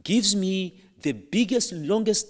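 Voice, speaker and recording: A Catholic priest with an African accent preaches as a playful, humorous storyteller who uses dramatic pauses. His male voice sits high with lively intonation, and the sound carries the feel of a large hall.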